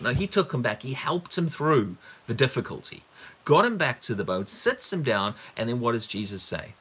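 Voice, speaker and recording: A male preacher teaching from a Bible passage in a bright, forward voice. He is emphatic, leans on repeated words, and keeps putting rhetorical questions to his listeners. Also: mid-range voice, lively intonation, normal speed, husky.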